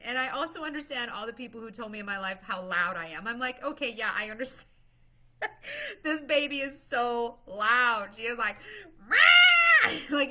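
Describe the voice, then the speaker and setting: A woman's voice: fairly high pitch, sharp tone. Bubbly, rambling woman live-streaming. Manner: bubbly, rambling, laughs often. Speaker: livestream host promoting her masterclass. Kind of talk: casual live-stream chat.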